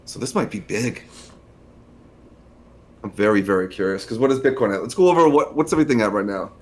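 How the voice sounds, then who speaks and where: A man's voice: on the low side, fairly quick. Laid-back young man, stock podcast co-host. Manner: laid-back, laughs often, slangy. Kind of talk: casual stock podcast chat.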